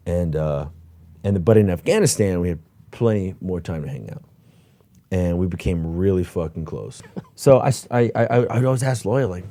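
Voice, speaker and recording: A man with a low, deep voice tells war stories in a relaxed, profane way. He laughs often and stumbles over repeated words. The sound is close and dry. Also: moderate pace, no room sound. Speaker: host, former platoon lieutenant. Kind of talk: casual war storytelling.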